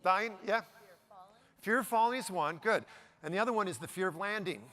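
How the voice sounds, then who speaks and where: Middle-aged male speaker with a high, bright voice, working the room with jokes and questions. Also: fast. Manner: animated, jokey, asks the audience questions. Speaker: motivational speaker. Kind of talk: live keynote talk to an audience. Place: event stage before a live audience.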